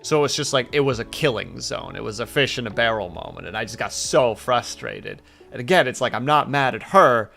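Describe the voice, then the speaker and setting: Male streamer, mid pitch, gravelly, casual rambling chat over faint music. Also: lively intonation, brisk, few pauses, sharp tone. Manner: rambling, reflective, many fillers.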